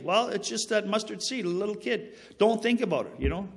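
A man's gravelly, high-sitting voice moves briskly with lively intonation and a long reverb tail as he gives a personal faith testimony. His casual storytelling rambles, slips into tangents he then apologizes for, and turns earnest and preachy with stressed key phrases.

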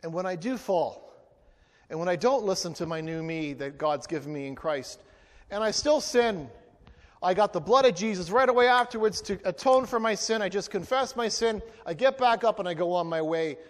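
Man, pastor, high voice, playful sermon, long church reverb. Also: normal speed. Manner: lively, playful, asks the congregation to repeat lines. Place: church hall.

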